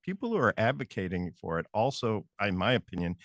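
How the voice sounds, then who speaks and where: Hesitant man co-hosting, lively pitch. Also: no room sound, clean studio sound. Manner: halting, many restarts, thoughtful. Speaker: co-host. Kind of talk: casual interview chat. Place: studio.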